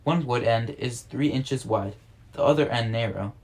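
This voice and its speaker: A man reads a novel aloud in a steady, mid-pitched voice. He stumbles over words now and then and goes back to correct himself, reading at an unhurried pace like an amateur home reader. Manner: steady reading with frequent slips and self-corrections.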